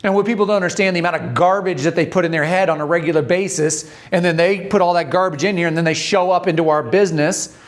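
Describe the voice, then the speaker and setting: A man's voice: high voice, quick pace, hardly any pauses. A man giving a talk to an audience, telling stories, quizzing the crowd and acting out the voices in his stories. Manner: storytelling, asks the audience questions, acts out voices. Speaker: speaker training dental or medical teams.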